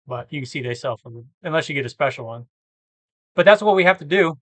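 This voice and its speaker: A tired man who talks casually and thinks out loud, rambling and correcting himself as he works through reseller listings. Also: a little high, lively intonation, fast, dry recording. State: tired, yawning. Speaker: eBay reseller vlogger. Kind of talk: casual screen-share commentary.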